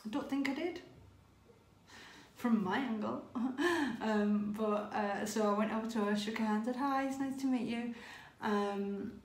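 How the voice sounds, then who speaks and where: A woman telling a story excitedly in a casual vlog, with lots of "oh my God" and laughter. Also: a little high, unhurried, reverberant. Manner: excitable, breathless retelling with frequent "oh my God" and laughs. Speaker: vlogger.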